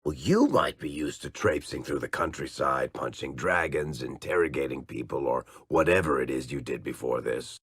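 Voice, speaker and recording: A man's voice: rumbling low, normal speed, few pauses, a bit bright, slightly rough, dry recording, studio quality, exaggerated voice. An actor playing a wry, teasing middle-aged male dwarf storyteller in sarcastic video game companion banter.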